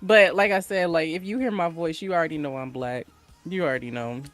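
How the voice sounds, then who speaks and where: A woman with a Southern St. Louis accent chatting on a stream, animated and teasing. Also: low voice, a little fast, faint music behind. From St. Louis, Missouri. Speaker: roleplay group member on a stream. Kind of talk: casual stream chat.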